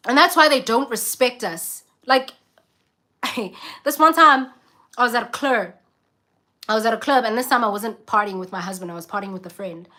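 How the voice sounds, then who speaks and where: A woman's voice: a little high, normal speed, long pauses, sharp tone. A South African woman ranting bluntly and emphatically in a casual vlog. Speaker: vlogger. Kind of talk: casual vlog rant to camera.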